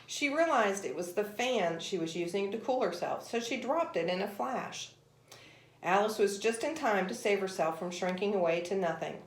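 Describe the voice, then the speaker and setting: A woman reading a children's story aloud in a gentle, measured way. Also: mid-range voice, animated. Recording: roomy echo.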